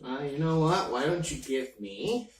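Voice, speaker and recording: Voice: mid-range voice, lively intonation, measured pace. A game master narrating a tabletop game in a playful, laughing manner, recorded in a roomy space from a distant mic with faint noise.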